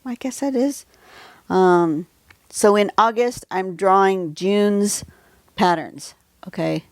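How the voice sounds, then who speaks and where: A woman with a mid-range, darkish voice speaks slowly as she hosts a casual livestream drawing lesson. She's chatty and rambling, full of asides, recording on a phone at home, yet the sound is studio quality with no echo.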